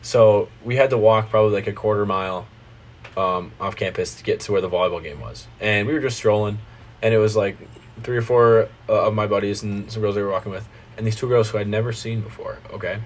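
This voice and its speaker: A young American man telling a story in casual podcast chat, animated and swearing freely, jumping into voices of the people in it. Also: on the low side, brisk. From United States. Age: young adult. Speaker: guest.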